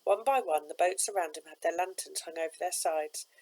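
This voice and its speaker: A woman, a teacher, reading a children's novel aloud with steady, expressive narration. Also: lowish voice, a little fast, low-quality recording.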